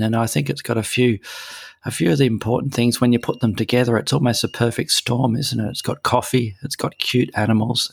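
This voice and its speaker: A man's voice: medium pitch, creaky, slightly rough, no room sound. A man chatting casually on a radio segment, hesitant and full of ums and restarts. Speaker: regular guest on a veterinary news segment.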